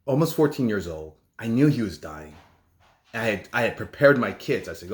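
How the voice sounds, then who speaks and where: A middle-aged man, a nurse, talking in a casual vlog from his home kitchen, rambling and halting with many restarts. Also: lowish voice, very animated.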